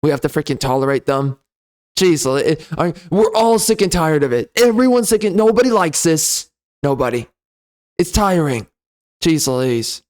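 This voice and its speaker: Sneering, ranting man, high-pitched. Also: sing-song, normal speed. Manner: loud, sneering, profane. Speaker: game reviewer. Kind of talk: ranting comedy commentary.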